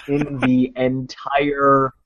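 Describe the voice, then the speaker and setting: A man's voice: mid-range voice, completely flat delivery, drawn-out words, fairly bright tone, no echo. A man co-hosting a gaming podcast, joking and heartfelt, with some hesitation. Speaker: podcast co-host. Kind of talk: casual podcast chat. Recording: dull lo-fi mic.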